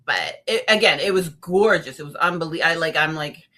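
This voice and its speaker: Expressive woman horror reviewer. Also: low voice, normal speed, slight background noise. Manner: expressive, animated, acts out reactions. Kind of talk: casual film discussion.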